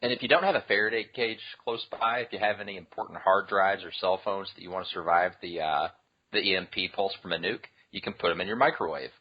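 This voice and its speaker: A man's voice: deep voice, fast, muffled recording. A man co-hosting a casual podcast, making dry wisecracks. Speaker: podcast co-host.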